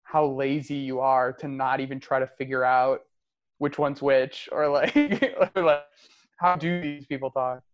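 A man's voice: mid-range voice, steady tone, unhurried, dull audio. Man tossing off wry podcast quips. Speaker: podcast co-host. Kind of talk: casual podcast chat.

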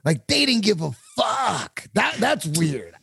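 Male podcast host, gravelly and husky, high voice, loose and profane, dry sound. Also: very animated, sharp tone, no echo. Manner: loose and profane, halting restarts. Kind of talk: casual podcast chat.

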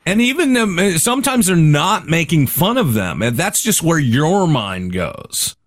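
Male podcast co-host, relaxed bro-ish delivery, animated pitch, dry close mic. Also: a little slow, dry recording. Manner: laid-back, says "dude" often. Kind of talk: casual chat.

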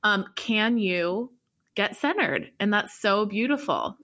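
A woman hosting a podcast interview, talking reflectively in a halting way. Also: mid-range voice, lively intonation, bright, forceful tone. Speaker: podcast host. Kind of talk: conversational interview.

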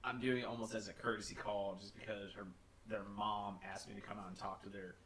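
A man's voice: lowish voice, flat delivery, fairly quick, a bit bright, a little hiss or hum. A young man co-hosting a casual podcast, telling a long story with many restarts and frequent laughter. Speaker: podcast co-host. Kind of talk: casual chat.

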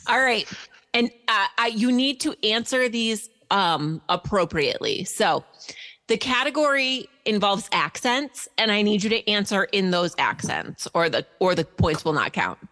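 A woman's voice: mid-range voice, very animated, a little slow, fairly bright tone. A woman hosting a casual podcast game night, playfully announcing answers and scores. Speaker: game show host. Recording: long reverb.

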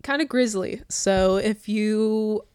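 A woman's voice: mid-range voice, takes it slowly, darkish tone, smooth. An American woman hosting a casual true crime podcast, chatting with many fillers and laughing often. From United States. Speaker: podcast host.

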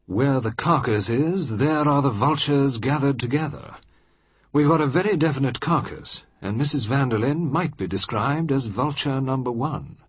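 A shrewd older minister, as a male narrator puts him on, weighing each word with dry, deliberate precision. The husky voice sits in a dry, slightly dull recording. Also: mid-range voice, no room sound, voice pushed up, natural voice. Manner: dry, measured and decisive.

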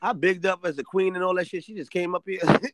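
A man's voice: high-pitched, steady tone, fast, over a noisy crowd. A man co-hosting a live talk show, joking and ranting in profane casual banter. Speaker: podcast co-host.

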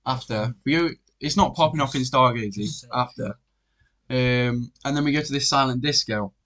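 A young man in his late teens, telling a story as a podcast guest. His voice sits at an ordinary pitch, and the talk is relaxed. He slips into quoted voices now and then. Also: moderate pace. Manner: animated, acts out quotes, laughs often. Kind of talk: casual storytelling chat.

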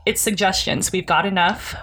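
A woman's voice: mid-range voice, normal speed, fairly bright tone, slight background noise. A woman co-hosting a casual history gossip podcast, chatty and giggly as she tells the story. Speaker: podcast co-host. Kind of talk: casual chat.

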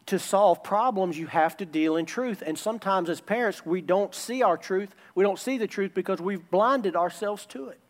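High-voiced man preaching emphatically. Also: moderate pace, few pauses. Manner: emphatic, repeats key phrases. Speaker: pastor. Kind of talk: sermon.

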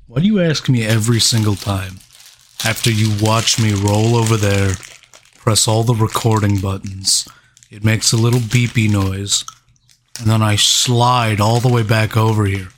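A man's voice: lowish voice, unhurried, long pauses, a little hiss or hum. A young man co-hosting a casual podcast, teasing, laughing often and swearing casually. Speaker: podcast co-host. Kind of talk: casual chat.

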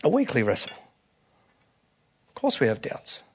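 A man preaching a conversational sermon, candid and colloquial, restarting phrases and swinging between soft and loud. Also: medium pitch, huge pitch swings, unhurried, slightly rough. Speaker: pastor.

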